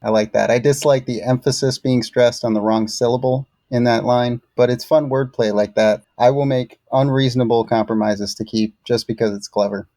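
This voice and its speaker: A man co-hosting a music review show, reading his scores in a dry, measured way. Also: mid-range voice, steady tone, warm tone, no echo. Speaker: co-host reviewing songs. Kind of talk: scripted podcast review.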